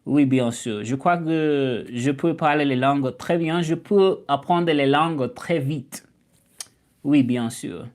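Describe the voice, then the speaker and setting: A young man from Memphis with a Southern US accent, hosting a casual livestream and answering comments in an animated, indignant way. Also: fairly high pitch, measured pace. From Memphis, Tennessee, US. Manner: animated, indignant at doubters, drawling. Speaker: livestream host.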